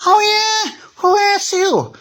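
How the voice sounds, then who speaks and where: A man voicing a cheeky rival toy train in a very high, squeaky, taunting voice. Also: expressive, takes it slowly, pushed and bright, full character voice.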